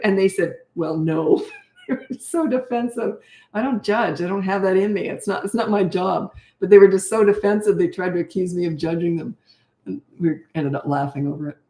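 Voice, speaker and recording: A woman's voice: mid-range voice, mellow. An older woman who coaches parents, giving blunt, matter-of-fact advice in a casual question-and-answer talk and laughing often. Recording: roomy echo.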